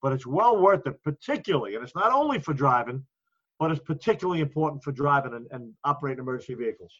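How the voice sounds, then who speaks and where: A man's voice: medium pitch, lively intonation, fast, a bit bright, slightly rough, muffled recording. A man co-hosting a casual podcast about the fire service, talking earnestly and acting out orders he gives to his crews.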